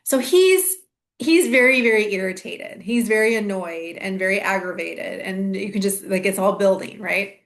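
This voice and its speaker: A middle-aged woman hosts her own astrology channel in a reflective, meandering spiritual monologue. Her voice sits in a middle pitch, and she circles back through restarts and soft fillers. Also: fairly even intonation, normal speed, creaky, few pauses.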